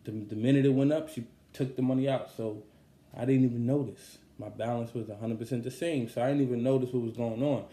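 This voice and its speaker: Young man, songwriter, casual rambling storytelling, warm low-key tone, echoey room. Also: steady tone, brisk. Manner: rambling and candid, with many fillers. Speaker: songwriter telling the story behind a song. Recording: roomy echo.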